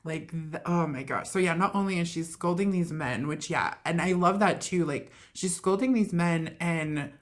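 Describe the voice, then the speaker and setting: A woman with a low voice co-hosting a fan podcast. She chats casually and animatedly, often slipping into quoted lines. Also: normal speed, hardly any pauses. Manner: animated, acts out quotes, frequent "like". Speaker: podcast co-host. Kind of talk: casual chat.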